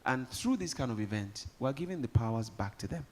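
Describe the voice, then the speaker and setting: A Nigerian man emcees a live summit in a conference hall. His pitch sits in the middle for a man, and his talk is lively and joking as he calls on the crowd. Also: fairly quick, slight background noise. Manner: lively, joking, rallies the audience. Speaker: event host.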